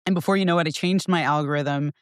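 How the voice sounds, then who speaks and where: A man's voice: fairly high pitch, fairly even intonation, quick pace, smooth, dry recording, studio quality. A man in his forties, a pickleball content creator, chatting as a podcast guest, upbeat and laughing often. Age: 40s. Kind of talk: casual interview chat. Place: New York.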